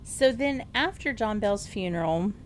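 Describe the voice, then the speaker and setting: A woman's voice: mid-range voice, lively intonation, unhurried, a little hiss or hum. A woman co-hosting a podcast, telling a story in casual chat, amused and often laughing, with lots of fillers. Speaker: podcast co-host.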